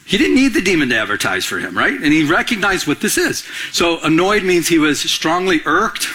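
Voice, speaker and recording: A middle-aged man preaching a sermon as a pastor, animated and conversational, often asking the congregation questions. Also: on the high side, moderate pace, breathy edge.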